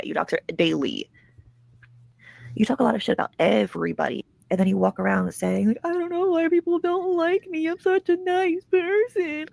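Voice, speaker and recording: A woman's voice: on the low side, gravelly, breathy edge, no echo. A woman hosting a drama commentary show, ranting in a sarcastic, mocking and profane way. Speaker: commentary channel host.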